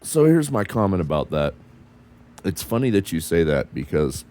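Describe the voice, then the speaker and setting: Streaming a space game, an American man mutters and swears as he flies, talking to himself and his chat in a mixed accent that's neither northern nor southern. His deep, gravelly voice swings widely in pitch at a moderate pace, with a dark tone, in casual gameplay commentary.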